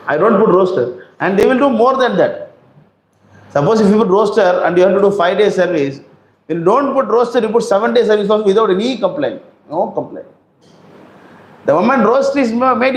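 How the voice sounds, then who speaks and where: A man giving a scripture class, asking rhetorical questions and acting out quotes. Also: sits high. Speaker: preacher. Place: temple hall. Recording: roomy hall echo.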